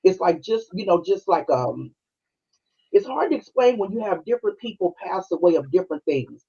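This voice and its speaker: A middle-aged woman from Kansas City speaks with a husky, breathy edge. She tells a personal story in a loose, heartfelt way to her co-hosts. The live-stream audio sounds dull and lo-fi. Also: fairly low pitch, very animated, normal speed, mellow. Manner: conversational, heartfelt, full of "you know" and "like". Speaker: podcast co-host.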